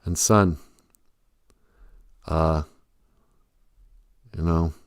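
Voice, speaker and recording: A man's voice: a bass voice, fairly even intonation, very slow, no echo, studio quality. A man hosting a livestream, rambling through an improvised comic story. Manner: rambling, laughs at himself, reads chat comments. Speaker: comedic storyteller host. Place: home livestream.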